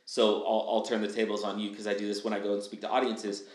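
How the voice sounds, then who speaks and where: A man talking on a podcast, lively and casual, who acts out little quoted lines in other voices. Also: lowish voice, fast talker, echoey room. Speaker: guest speaker. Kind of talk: energetic podcast interview.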